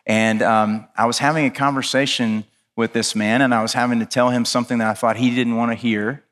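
A man's voice: mid-range voice, little pitch movement, fairly quick, a bit bright. A man, a pastor, preaching a sermon in an earnest, impassioned way, telling stories with conversational asides.

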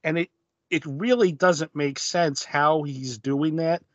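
A man casually discussing a comic on a podcast. He speaks in a measured way, and his voice trails off softly at the ends of his thoughts. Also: a little high, steady tone, no echo, muffled recording. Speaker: podcast co-host. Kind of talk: casual chat recapping a comic.

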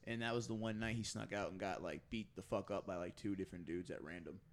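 A man's voice: sits low, quick pace, a little hiss or hum. A man chatting casually, rambling through a story in slang. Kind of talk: casual chat.

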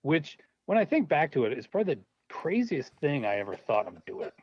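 A man with a slightly high, slightly rough voice speaks fairly quickly as an interview guest. He's a low-budget filmmaker telling a story casually and with laughter, animatedly doing the voices of its characters. The audio is dull, dry lo-fi.

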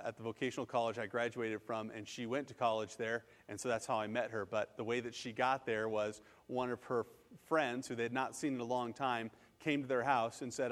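A pastor preaches a sermon in an earnest, conversational way, acting out prayers and everyday reactions. His voice is medium-pitched with fairly even intonation at a normal speed, and the recording carries a long hall reverb.

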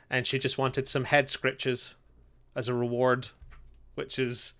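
A man with a bright, forceful voice at a middling pitch chats through scenes of a show, rambling and swearing as he goes. He acts out quoted lines in passing as a podcast co-host. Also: steady tone, moderate pace. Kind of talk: casual chat recapping an anime.

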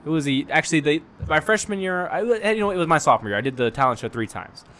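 A man's voice: fairly high pitch, animated, fast talker, a bit bright, a little hiss or hum. A young man as a guest in a casual chat, rambling through stories with restarts. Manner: rambling storyteller with frequent restarts and laughs.

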